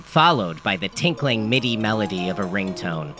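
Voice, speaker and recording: A man's voice: deep voice, lively intonation, moderate pace, hardly any pauses, bright, forceful tone, slight background noise. A man narrating a comic story in a dry, matter-of-fact first-person delivery.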